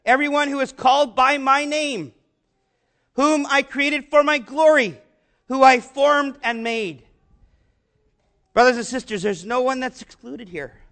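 High, bright-voiced male preacher. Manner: rhetorical questions, emphatic slow repetitions. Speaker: pastor. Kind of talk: sermon.

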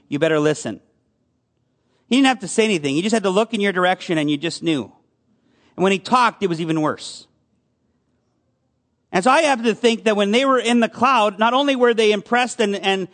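A male pastor with a high, slightly bright voice preaches in a conversational style, putting questions to his congregation along the way.

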